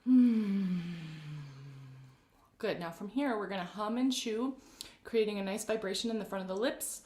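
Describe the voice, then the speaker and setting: A woman vocal coach guides a live-streamed warm-up in a gentle, encouraging way. Her voice sits at an ordinary middle pitch. The room around her is roomy and echoey. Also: a little fast, slight background noise. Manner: gentle, encouraging, greets viewers by name.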